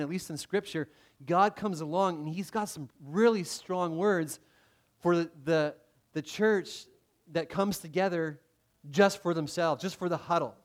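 A middle-aged man preaching a sermon in a conversational way, often restarting his phrases and acting out the voices he quotes. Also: fairly high pitch. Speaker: pastor.

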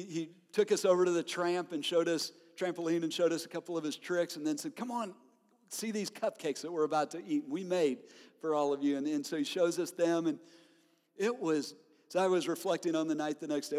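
A man preaching to his congregation, his slightly high voice rising with animated storytelling and frequent laughter. Long reverb trails his words through the sanctuary. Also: fairly quick. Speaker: pastor. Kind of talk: sermon.

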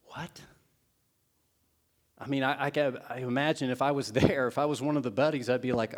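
Speaking at a moderate pace with frequent pauses, a pastor delivers a sermon in a medium-pitched, fairly even voice. He tells it like a conversation, performing the quotes of the characters in his stories.

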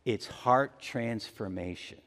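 A male pastor preaching a conversational sermon, acting out everyday apologies in lively asides. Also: mid-range voice, takes it slowly, in a large hall. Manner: conversational, acts out everyday apologies with rising energy.

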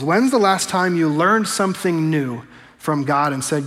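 Conversational preacher in a reverberant sanctuary. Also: male voice, a little high, animated, fairly bright tone. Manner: conversational preaching, slows and stresses scripture quotes. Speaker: pastor. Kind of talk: sermon. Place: church sanctuary. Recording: long hall reverb.

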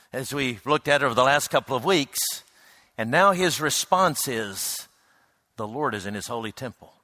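A man preaching a reflective sermon, unhurried, with frequent hesitant restarts. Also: on the high side, sharp tone, no room sound, clean studio sound.

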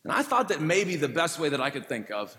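A man preaching a sermon in a conversational, gently humorous way. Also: a little high, big pitch swings, a little fast. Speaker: pastor. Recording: long reverb.

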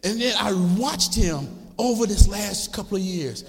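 High-voiced preacher in a reverberant church. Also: male voice, lively intonation, measured pace, gravelly. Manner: impassioned, repetitive, rising to shouts. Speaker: church congregational director. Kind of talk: sermon. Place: church sanctuary.

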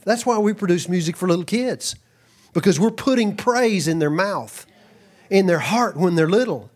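A middle-aged man from Texas preaching a sermon, animated and lively, often breaking into asides and acting out quoted voices. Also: on the high side, normal speed.

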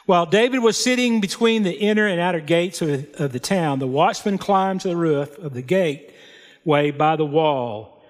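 A man preaching a sermon, reading scripture and adding plain, folksy comments. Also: on the high side. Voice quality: unhurried, plain spoken storytelling with folksy asides. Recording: long hall reverb.

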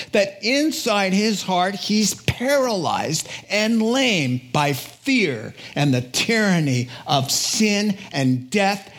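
A preacher voicing Jesus, speaking earnestly and with authority to a crowd. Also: male voice, high voice, a bit bright, voice pushed up, exaggerated voice. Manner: earnest, declaring. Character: Jesus, a calm authoritative male teacher.

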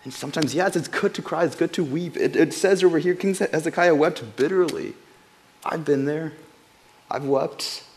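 Guy doing a chill bible devotional, earnest, kinda halting, repeats words a lot, gets soft and quiet sometimes. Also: a little high, a little hiss or hum. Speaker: preacher giving a Bible devotional. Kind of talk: informal devotional teaching.

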